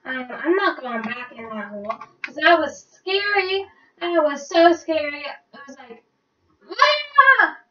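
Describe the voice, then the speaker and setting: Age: unknown. Sex: woman. Pitch: high. Timbre: bright. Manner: chatty, rambling, easily startled, mutters to herself. Role: gameplay vlogger. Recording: roomy, distant, dull lo-fi. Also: unhurried, a little hiss or hum. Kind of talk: casual gameplay commentary.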